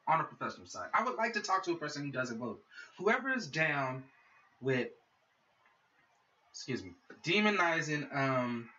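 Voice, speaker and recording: A podcast host delivers a heated, profane solo rant aimed straight at his listeners. His voice is fairly high, pushed, and bright, captured with dull lo-fi sound from a mic set back.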